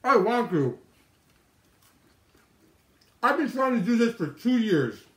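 A livestream host eats on camera in an indoor kitchen with an oven and microwave, chatting casually with his mouth full and answering viewer comments. His voice is extremely high with big pitch swings, slow and fairly bright, and the sound is roomy.

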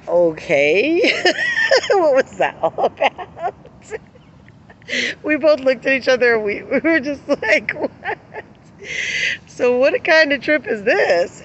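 A middle-aged woman chats straight to camera in a bright, forceful voice, rambling from one story to the next. She laughs often as she talks and swears without a second thought. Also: fairly low pitch, highs cut off, a little hiss or hum. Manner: giggly, laughs often while telling stories. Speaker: vlogger.

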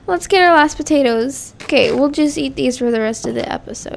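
A woman's voice: sits high, normal speed, creaky. A woman YouTuber giving casual, rambling game commentary into her microphone, giggling and melodramatic. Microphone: desk microphone.

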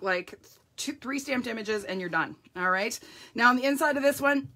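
A woman with a sniffly nose and a slightly croaky voice, chatting through a live crafting tutorial and laughing often. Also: medium pitch, fairly bright tone. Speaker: papercraft demonstrator.

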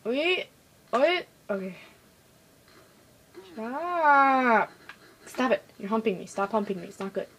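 A young woman chatting casually while she plays a video game, excitable and rambling, switching between loud outbursts and quiet mumbling. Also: mid-range voice, a little fast, a little hiss or hum, low-quality recording. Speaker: gaming video host. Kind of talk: casual gameplay commentary.

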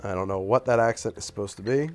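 A man hosting a comedic bartending show, talking in an animated, wry and profane way while he mixes and tastes drinks. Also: fairly low pitch, fast, faint music behind. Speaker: cocktail show host.

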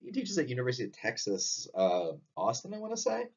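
A man's voice: mid-range voice, huge pitch swings, fast, a little mellow, husky. A man giving a recorded philosophy lecture, explaining step by step and often checking in with "right?". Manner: explanatory, frequent "right?" tag questions. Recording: dull distant lo-fi audio.

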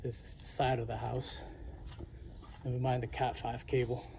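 A man casually narrating a walking tour of his garden and property outdoors, chatty and relaxed, saying y'all. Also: mid-range voice, moderate pace, vocal fry, slight background noise. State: winded near the end. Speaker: vlogger giving a garden tour.

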